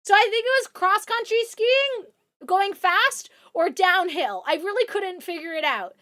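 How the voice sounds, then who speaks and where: A woman's voice: very high-pitched, animated, unhurried, pushed and bright. A young woman from Canada, chatting casually with viewers on a live stream, full of fillers and restarts.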